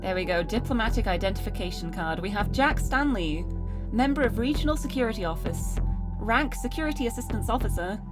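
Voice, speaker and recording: A young woman streamer reading a visual novel aloud, with animated, self-deprecating asides, over game music. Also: medium pitch, fairly quick. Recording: game music playing behind.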